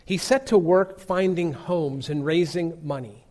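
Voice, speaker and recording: A man preaching a sermon, telling a story earnestly with emphatic pauses. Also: on the high side, a little mellow.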